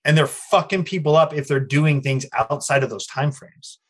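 A fairly high-voiced American man co-hosting a loose, foul-mouthed podcast. He reads news items aloud and breaks off into crude, animated rants between them. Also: normal speed, husky. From United States. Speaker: podcast co-host. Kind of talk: casual profane podcast chat. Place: Los Angeles area.

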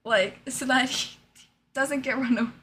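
Bright-voiced young woman, animated. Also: high voice, normal speed, slight background noise. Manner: animated retelling, acting out scenes. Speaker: podcast co-host. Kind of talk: casual chat.

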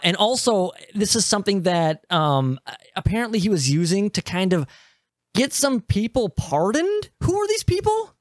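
A man's voice: high voice, moderate pace, no room sound. Man, podcast co-host, casual movie talk, dry close sound. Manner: steers the talk, animated and emphatic.

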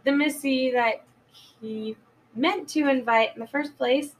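Woman, podcast co-host, meandering stoned recap delivery, high voice, slightly distant mic. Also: slow pace, slight background noise. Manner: rambling, filler-heavy retelling, acting out quotes. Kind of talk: casual movie recap chat.

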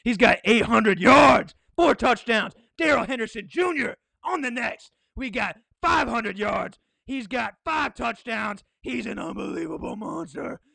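A podcast host giving an excitable, hyped-up sports preview, often shouting and asking rhetorical questions. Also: mid-range voice, measured pace, gravelly, hardly any pauses, no room sound.

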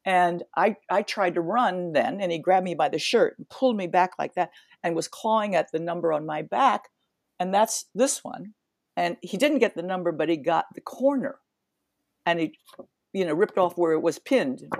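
Low-voiced woman in her 70s telling stories. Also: normal speed, dry recording, clean studio sound. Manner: animated, acts out scenes with sound effects and restarts. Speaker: interview guest. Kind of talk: vivid storytelling in conversation.

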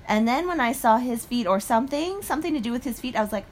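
A young adult woman co-hosting a podcast in casual chat, telling stories in an animated way and laughing often. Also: fairly high pitch, quick pace, slight background noise. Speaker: podcast co-host.

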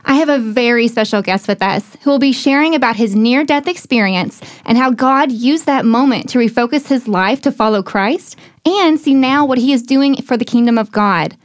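Upbeat higher-voiced woman hosting. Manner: upbeat and friendly, laughs often. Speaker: podcast host. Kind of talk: scripted welcome, then casual interview.

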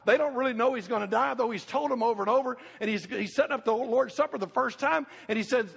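High, gravelly preacher. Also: male voice, fast talker, a bit bright. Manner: folksy, emphatic, repeats key phrases. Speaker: pastor. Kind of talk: sermon. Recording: reverberant church hall, dull lo-fi sound.

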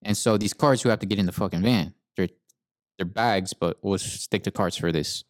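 Young man, low voice, casual profane rant, dry close sound. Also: normal speed, dry recording. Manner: profane, laid-back, says "bro" often. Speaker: podcast co-host.

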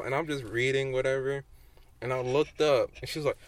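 A man's voice: mid-range voice, steady tone, fairly quick, a crowd in the background. A young man co-hosting a podcast in casual chat, telling rambling stories and giggling often. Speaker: podcast co-host.

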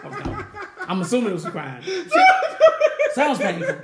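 High, lively man telling stories. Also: moderate pace, roomy sound. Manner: animated, laughing storyteller, swearing freely. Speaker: podcast co-host. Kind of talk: casual chat.

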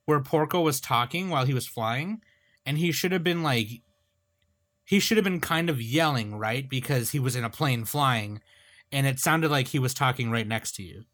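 Animated man on a dry podcast mic. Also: mid-range voice, moderate pace, no room sound. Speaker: podcast host. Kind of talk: casual podcast chat about films.

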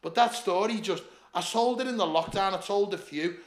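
A former doorman from Liverpool, England, guests on a podcast, telling stories in casual chat with a Liverpool accent. His voice is high-pitched at normal speed, and he swears and laughs as he goes, in an echoey room.

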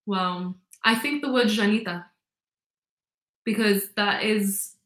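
A woman's voice: medium pitch, slow, fairly bright tone, echoey room. A woman, chatting as an interview guest in an upbeat, filler-heavy way. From Gibraltar. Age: 20s. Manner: chatty and upbeat, full of "like" and "you know". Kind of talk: casual interview chat.

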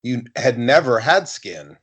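A man's voice: medium pitch, very animated, measured pace, fairly bright tone, slightly rough. A man co-hosting a podcast in casual chat, blunt and profane, telling anecdotes. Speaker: podcast co-host.

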